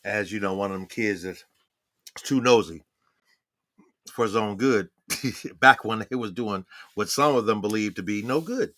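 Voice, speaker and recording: A man's voice: fairly low pitch, measured pace, pauses often, a bit bright, no room sound. A man in his sixties giving a rambling, profane livestream monologue with laughing asides. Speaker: livestream host. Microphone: phone or webcam on a live stream.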